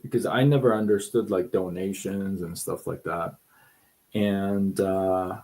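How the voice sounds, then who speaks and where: Speaking in a lowish, darkish voice, a middle-aged man hosting a live stream wanders through a personal story, circling back over the same points. He acts out what others said by putting on voices, keeping the chat casual.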